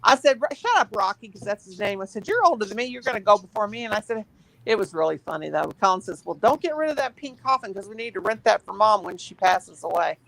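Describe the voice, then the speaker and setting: A woman's voice: medium pitch, animated, quick pace, creaky, a bit bright, no echo, low-quality recording. Chatty woman crocheting and laughing. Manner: chatty, laughs often, counts stitches aloud. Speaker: crochet channel host. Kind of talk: casual chat while crocheting.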